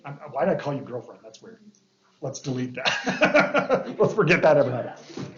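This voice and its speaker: Muffled pastor with a higher voice. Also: male voice, big pitch swings, moderate pace, a bit bright, roomy sound. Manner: casual, joking asides, questions to the group. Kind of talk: Bible study lesson.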